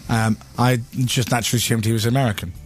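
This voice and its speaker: A man hosting a casual chat, teasing his guest with quick questions. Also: mid-range voice, steady tone, faint music behind. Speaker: host.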